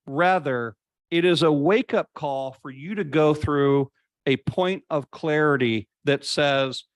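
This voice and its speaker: A man guest in an interview, telling a personal story in an earnest, reflective way and slowing down to stress key points. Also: a little high, no echo, clean studio sound. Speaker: podcast guest.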